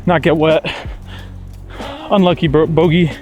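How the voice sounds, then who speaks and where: A man's voice: on the high side, little pitch movement, measured pace, a little mellow, dull audio, faint music behind. A man commentating his own round on an outdoor golf course, exclaiming after shots and sometimes out of breath. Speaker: golf vlogger.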